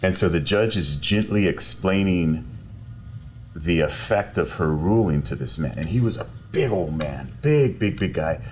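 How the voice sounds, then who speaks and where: A man, a lawyer, telling a story in a casual podcast interview, animated and quick to laugh while acting out quotes. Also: low voice, slight background noise. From South Texas. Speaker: personal injury lawyer, podcast guest. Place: podcast studio.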